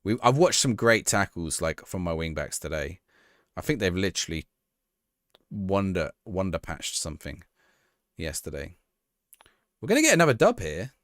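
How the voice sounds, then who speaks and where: Chatty male streamer, low voice with lively swings, dry close sound, reacting to a football sim. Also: moderate pace, long pauses, no echo. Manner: chatty, thinks aloud and reacts to the game, talks to chat. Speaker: streamer playing a football management game. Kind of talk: casual live-stream chat.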